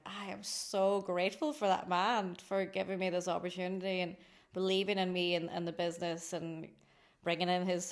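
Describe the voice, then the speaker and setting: Chatty, effusive Irish woman. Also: on the low side. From Ireland. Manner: chatty and effusive, laughs often. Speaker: guest, company founder. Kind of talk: casual podcast interview.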